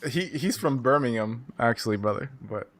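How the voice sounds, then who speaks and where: A man from the Bronx talks in a New York accent on a laid-back gaming podcast. His voice sits in a middle pitch. He speaks bluntly, with lots of swearing and a "bro" at the end of each thought. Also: animated, normal speed. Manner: profane, emphatic, says "bro" a lot. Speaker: podcast host. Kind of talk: casual gaming podcast chat.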